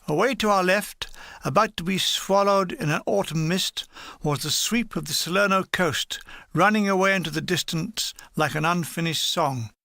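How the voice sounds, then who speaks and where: Gravelly, bright-voiced man reading a memoir. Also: high-pitched, no echo. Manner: dry, playful storytelling. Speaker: audiobook reader. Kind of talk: reading a humorous war memoir aloud.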